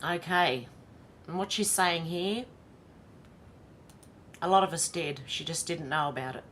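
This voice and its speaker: An Australian woman hosting a casual livestream, chatting and reacting out loud. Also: fairly low pitch, measured pace, slight background noise. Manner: chatty, reads comments aloud and reacts with laughs. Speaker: livestream host.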